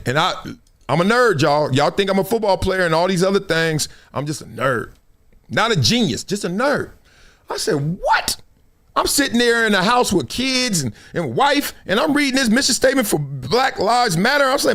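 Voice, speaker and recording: High-pitched guy riffing to camera, bouncy lively voice, acts out the people in his stories, soft music behind. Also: moderate pace. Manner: animated storytelling, acts out quoted voices. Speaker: show host. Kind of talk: casual commentary to camera.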